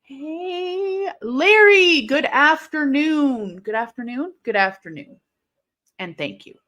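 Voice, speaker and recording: A woman hosting a live watch-along stream, chatting casually, answering her chat and breaking into sudden excited outbursts at the action. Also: high voice, takes it slowly.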